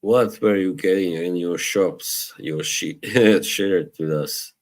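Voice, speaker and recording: A man's voice: deep voice, takes it slowly. A man hosting a casual live stream, chatting loosely with viewers, laughing often and slipping into Bosnian phrases. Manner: relaxed, rambling, laughs often, mixes in Bosnian. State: tired from little sleep.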